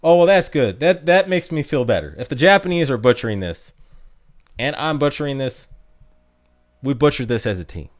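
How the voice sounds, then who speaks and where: A man's voice: mid-range voice, big pitch swings, moderate pace. A young man streaming a mobile game, chatting casually with his chat and laughing at himself. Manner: chatty, self-mocking, laughs often.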